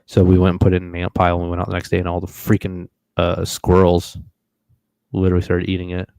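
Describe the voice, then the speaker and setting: A young man telling a long hunting story in a casual, profane, animated way on a live stream. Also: low voice, fast, no echo, rough recording. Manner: animated, profane, acts out his own reactions.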